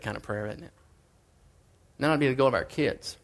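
A man preaching a sermon in a casual, conversational way, swinging between emphatic and quiet lines. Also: medium pitch, sing-song, fast.

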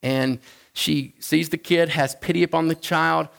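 A man preaching a sermon in a conversational, halting way, often restarting his sentences. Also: steady tone, vocal fry, fairly bright tone, clean tone. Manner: acts out the Bible figures in a higher voice. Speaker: pastor.

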